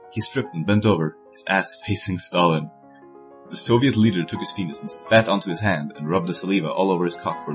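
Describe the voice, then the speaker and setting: Brief: deep male voice, deadpan comic reader, faint music underneath. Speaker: stream co-host reading fan fiction. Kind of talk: comic dramatic reading.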